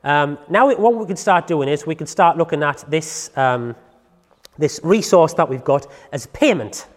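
A man's voice: a little high, lively intonation, normal speed, big-room sound. A man teaching dog training in a casual, chatty way, often checking in with the listener.

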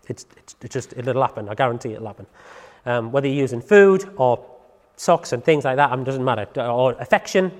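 Chatty dog trainer, echoey. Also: male voice, mid-range voice, a little mellow. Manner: chatty, repetitive, keeps checking in with the listener. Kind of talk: casual training talk.

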